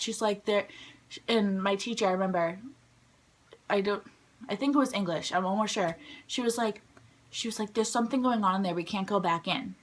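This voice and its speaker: A young woman telling a story from her school days in a chatty vlog style, full of "like" and quick asides. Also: mid-range voice. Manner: chatty, animated, heavy use of "like". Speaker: vlogger. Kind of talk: casual storytime.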